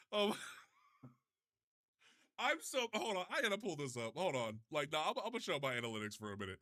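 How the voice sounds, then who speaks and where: A man's voice: mid-range voice, very animated, a little fast, sharp tone. A young man hosting a casual live stream, flustered and swearing while he fixes his chat setup. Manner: flustered, swearing, restarts often. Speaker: livestreamer.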